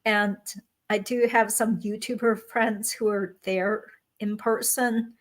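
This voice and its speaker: A woman's voice: medium pitch, fairly even intonation, slow pace. A woman, a lawyer hosting a YouTube show, talking in a friendly, conversational way on a video call. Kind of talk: casual interview chat.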